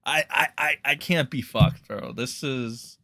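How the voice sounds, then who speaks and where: A young man streaming, ranting angrily and profanely, mocking others in sarcastic high voices. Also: a little slow, gravelly, sharp tone, dry recording. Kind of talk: angry rant reacting to clips.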